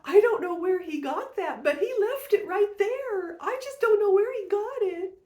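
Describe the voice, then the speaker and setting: A woman imitating an eerie elderly grandmother in a high, sing-song voice. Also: animated, normal speed, darkish tone, roomy sound.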